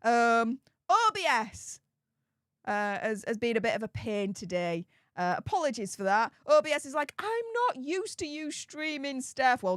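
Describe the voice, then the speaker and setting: A woman's voice: medium pitch, a bit bright, no echo, clean studio sound. A woman hosting a casual live stream, chatting and reading out viewer comments, laughing often and repeating herself. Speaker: livestream host.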